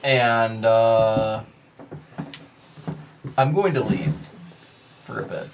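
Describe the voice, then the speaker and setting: A man's voice: on the low side, drawn-out words, slight background noise. A man playing his character in a tabletop role-playing game, talking in a rambling, hesitant way with casual swearing. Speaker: player.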